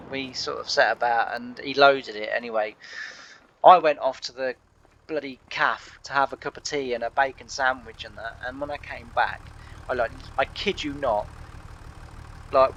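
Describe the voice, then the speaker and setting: A man's voice: mid-range voice, pushed and bright, a little hiss or hum. A man telling a long, rambling story to his channel's viewers, quoting both sides of a conversation and laughing along. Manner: rambling anecdote with laughs and quoted dialogue. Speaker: gaming channel host. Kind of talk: casual storytelling over gameplay.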